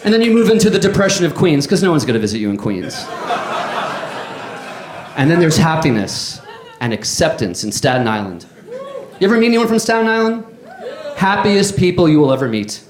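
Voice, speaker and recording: A man, doing a deadpan stand-up comedy set on a club stage into a handheld mic. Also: a little high, a little fast, pauses often. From New York. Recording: echoey club with crowd. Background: audience laughter.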